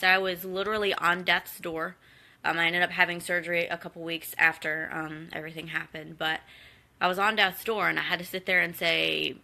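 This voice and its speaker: A woman's voice: fairly low pitch, vocal fry, sharp tone. A woman in her thirties speaking candidly and earnestly to an online community, encouraging and conversational, with occasional fillers. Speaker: guest speaker in a live Q&A. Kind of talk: candid personal talk to a community.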